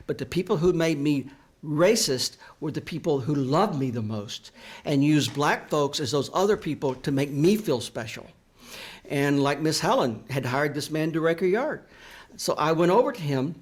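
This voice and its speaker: An older man speaks in a slightly raised pitch. He is an author sharing a personal story, reflective and earnest. His delivery is confessional and unhurried in thought. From American South. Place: library event room.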